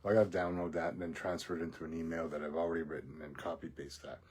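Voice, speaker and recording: A man's voice: sits low, level tone, racing, a little mellow, breathy edge. A man telling a rambling personal story in a casual monologue, profane and laughing often. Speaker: vlogger.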